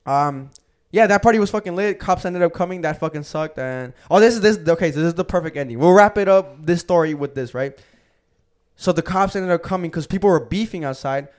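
A man's voice: on the high side, a little fast. A young man, co-host of a podcast, telling party stories in casual chat, swearing and saying "bro" often. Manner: profane, animated storyteller, says "bro" a lot.

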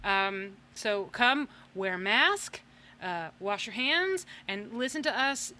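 A woman's voice: medium pitch, expressive, takes it slowly, pushed and bright. A woman hosting a podcast, chatting casually and laughing as she makes announcements and reads out thank-yous. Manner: chatty, laughing, self-deprecating. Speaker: podcast host.

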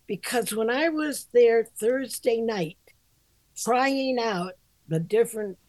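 A woman's voice: fairly high pitch, takes it slowly, darkish tone, dry recording. An older woman co-hosting a grooming podcast, chatting casually, self-deprecating and frank, laughing often and swearing freely. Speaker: podcast co-host, dog groomer and shop owner. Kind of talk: casual chat.

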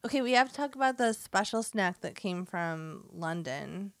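A woman's voice: mid-range voice, lively intonation, normal speed, no room sound, clean studio sound. A woman co-hosting a podcast in casual chat, giggly and chatty, full of "like". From California. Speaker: podcast co-host.

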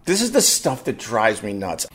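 A man's voice: on the low side, huge pitch swings, a bit bright. Exasperated man telling a story. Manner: exasperated, swearing, quick restarts. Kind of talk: casual anecdote rant.

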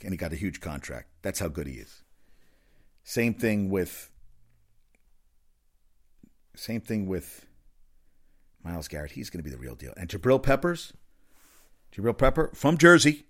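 A man hosting a casual sports talk monologue, animated and given to incredulous outbursts, repeating words when worked up. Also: lowish voice.

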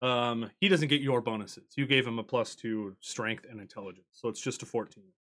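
A man narrating as game master in a tabletop game, playful and animated. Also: mid-range voice, moderate pace.

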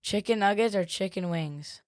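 A woman's voice: medium pitch, moderate pace, a little mellow, dry recording. A young woman co-hosting a casual family podcast with her mother, dry and slangy. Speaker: co-host, host's child.

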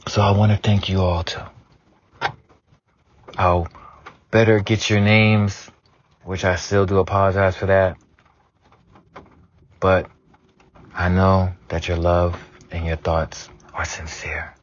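A man in his forties, a spiritual prayer leader, offers a spoken prayer to his ancestors in a conversational, earnest way, speaking bluntly and repeating phrases for emphasis. His voice is deep and level, slow with long pauses, on a dull lo-fi recording.

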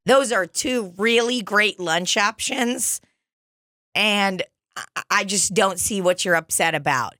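A woman's voice: mid-range voice, slow, sharp tone, no room sound, clean studio sound. A woman playing a strict, exasperated female school chaperone who scolds a child in an improvised comedy bit. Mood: scolding.

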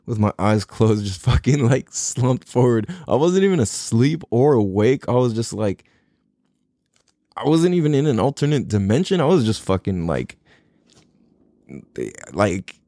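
A man's voice: mid-range voice, lively intonation, unhurried, dark tone, dry recording, clean studio sound. A man in his thirties telling a long, rambling, profane story in a laid-back way, laughing often. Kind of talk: casual storytelling monologue.

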